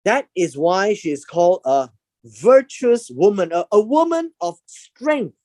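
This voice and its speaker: Slow, lively-voiced Bible teacher. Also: medium pitch, no room sound. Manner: repeats key words for emphasis, explains word meanings.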